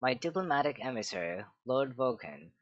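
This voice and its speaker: A man's voice: mid-range voice, very animated, normal speed, no echo, lightly acted. Brief: haughty imperious queen mother, read by a man, a touch raised, dull dry sound. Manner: haughty, cutting.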